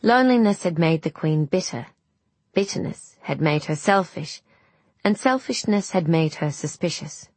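A woman giving scripted storybook narration of a fairy tale, measured, gentle and deliberate. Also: lowish voice, lively intonation, husky, no echo.

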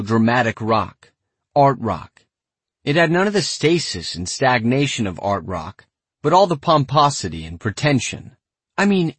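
Lively, husky male audiobook narrator. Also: medium pitch, no echo. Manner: conversational, reads each quote like casual speech. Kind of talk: audiobook reading of oral history quotes.

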